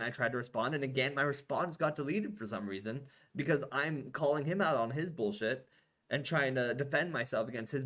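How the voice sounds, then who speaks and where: A young man in mid-rant on his own weekly vlog, exasperated and swearing freely. He stumbles through fillers and false starts as he talks, with a voice of middling pitch. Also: a bit bright. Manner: exasperated, swears often, many fillers and restarts. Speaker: vlog host. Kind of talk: casual ranting monologue.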